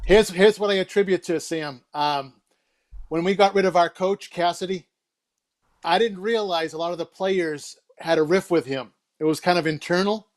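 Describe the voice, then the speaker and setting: A man from the Boston area, a guest on a hockey stream, giving relaxed and thoughtful opinions. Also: sits high, moderate pace. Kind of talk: casual chat.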